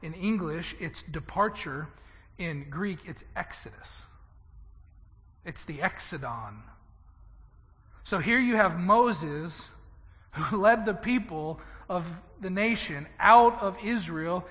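A man preaching a sermon, swinging from loud emphatic lines to hushed ones. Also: high-pitched, animated, slow pace, long reverb tail, highs cut off. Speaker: pastor.

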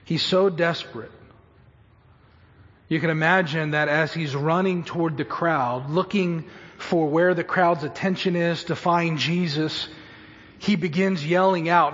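A man's voice: fairly high pitch, a little slow. Male pastor, dramatic sermon, long hall echo, muffled recording. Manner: dramatic, shifts from hushed storytelling to shouted pleading.

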